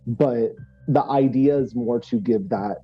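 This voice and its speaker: A man's voice: mid-range voice, measured pace, slightly rough, muffled recording, soft background music. A man playing a tabletop role-playing game, explaining his character's move with many restarts and fillers. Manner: hesitant, many restarts and fillers, laughs often. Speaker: player.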